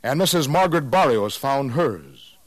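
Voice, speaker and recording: A man narrating a scripted radio documentary in a measured, solemn way. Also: mid-range voice, animated, no echo.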